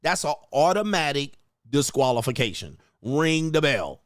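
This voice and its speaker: A man's voice: fairly high pitch, very animated, normal speed, heavy background noise. A man hosting commentary on video clips, blunt and crude, repeating himself and mimicking reactions. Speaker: host.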